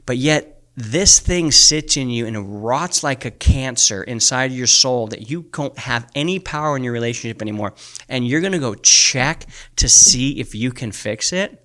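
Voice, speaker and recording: A man's voice: mid-range voice, animated, moderate pace, bright, forceful tone. Fired-up, swearing man ranting on a podcast. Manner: rambling with many restarts. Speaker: podcast co-host, coach. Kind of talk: heated casual podcast chat. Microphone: studio microphone.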